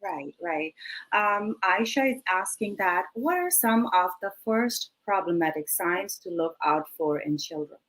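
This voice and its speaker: A woman's voice: medium pitch, expressive, a little slow, a bit bright, low-quality recording. A woman moderating an online conference, passing on an audience question and adding short affirming interjections.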